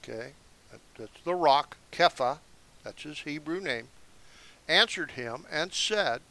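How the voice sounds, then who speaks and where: A man reads scripture aloud at an unhurried, deliberate pace, adding casual explanations between verses. His voice sits a little high, with a bright, forceful edge. His pitch swings widely from line to line. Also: lively intonation, dry recording. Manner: slow, deliberate reading broken by casual asides. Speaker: Bible teacher. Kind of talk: scripture reading with commentary. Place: seated indoors.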